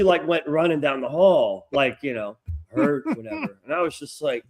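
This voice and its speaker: A man's voice: on the high side, sing-song, moderate pace. A middle-aged man co-hosting a podcast, telling a long, profane story in casual chat. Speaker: podcast co-host.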